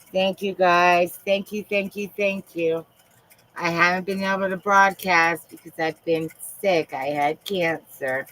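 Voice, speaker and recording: A woman live streaming from home, talking in a soft, halting, confiding way with frequent pauses. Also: lowish voice, low-quality recording. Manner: emotional and confiding. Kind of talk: casual live-stream chat.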